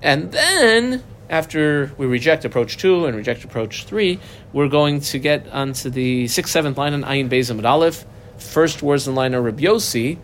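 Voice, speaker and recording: A man's voice: on the high side, lively intonation, moderate pace, a little hiss or hum. A man teaching a Talmud class, translating phrases and explaining them step by step in a casual way with many fillers.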